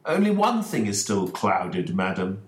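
A calm, precise detective with a low voice and a slow, measured delivery, as read by a male narrator. His pitch moves expressively, and the recording sounds roomy and echoing. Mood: explaining. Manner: measured explaining.

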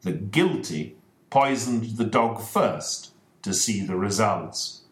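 A calm, precise detective with a low voice and a slow, measured delivery, as read by a male narrator. His pitch moves expressively, and the recording sounds roomy and echoing. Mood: explaining. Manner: measured explaining.

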